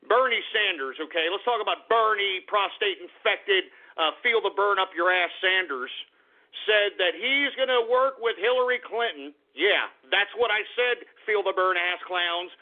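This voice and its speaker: A man's voice: high-pitched, expressive, normal speed. Ranting talk radio host man, tinny. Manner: ranting, profane, shouting outbursts. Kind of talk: angry talk radio rant. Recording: tinny phone-like radio audio.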